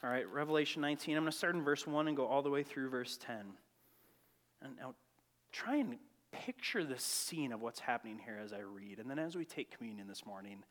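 A man's voice: medium pitch, a little fast. Man preaching in a reverberant church. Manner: reads scripture aloud with rising emphasis, then drops to quiet reflection. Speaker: pastor. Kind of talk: sermon. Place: church sanctuary.

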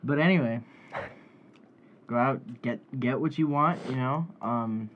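A blunt young man speaks his mind on a casual podcast, cursing freely. His pitch is average. The recording sounds dull and lo-fi. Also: slow pace, a little hiss or hum. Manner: blunt, profane. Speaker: podcast co-host.

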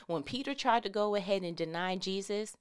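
A woman's voice: mid-range voice, fairly quick, smooth. A woman giving a casual, conversational Christian talk with emphatic, repetitive phrasing. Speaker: Christian speaker.

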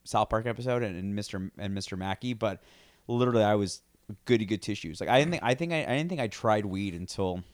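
A man in his thirties with a smooth, resonant voice tells loose podcast stories and slips into the voices of the people he quotes. His delivery is casual and lively, with some swearing mixed in. It's recorded close on a dry mic. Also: lowish voice, fast, no echo. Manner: storytelling, acts out quotes with swearing. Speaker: podcast co-host.

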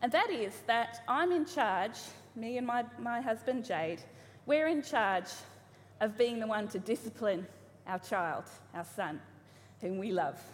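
Woman preacher, thirties, casual sermon, slightly high voice, long church hall reverb, faint room ambience. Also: expressive, unhurried, slight background noise. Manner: chatty, warm humor, frequent ums and restarts.

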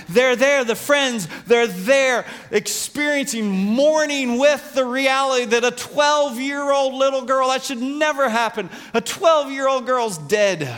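A man's voice: very high-pitched, fairly bright tone. A man preaching a conversational sermon as a pastor, acting out voices from the Bible story. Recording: long hall reverb.

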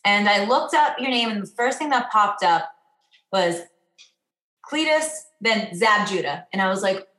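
A woman asking chatty, expressive questions as the host of an interview. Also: mid-range voice, measured pace, roomy sound.

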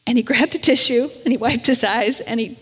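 A woman chaplain telling a personal story in a gentle storytelling sermon. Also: on the high side, a little fast, breathy edge. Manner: gentle storytelling, briefly emotional. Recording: long reverb of a large hall.

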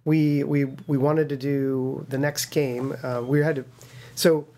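A man's voice: mid-range voice, unhurried. A man, a game studio co-founder, telling a story in a casual interview, acting out quoted voices with many fillers and restarts. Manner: lively storyteller who acts out quoted voices.

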